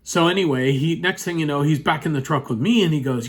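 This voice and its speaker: A man recounts a personal story in a loose, rambling way, leaning on "you know" again and again. His voice sits a touch higher than most men's, and he talks from his computer indoors. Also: fast talker. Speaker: vlogger telling a personal story. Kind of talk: casual storytelling.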